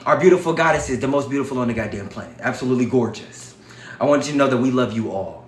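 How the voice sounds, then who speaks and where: A man hosting a livestream, talking in an animated, profane, preachy way. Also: mid-range voice, fast talker, reverberant. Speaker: livestream host. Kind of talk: casual livestream talk.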